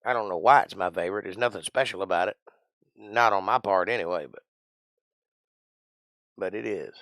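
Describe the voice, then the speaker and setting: A middle-aged man from Georgia with a Southern accent, chatting playfully and rambling on his livestream, now and then bursting out loud. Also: sits low, normal speed, no room sound, studio quality. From Georgia, USA. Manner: playful, rambling, jokey with sudden loud outbursts. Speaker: livestream host. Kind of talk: casual livestream chat.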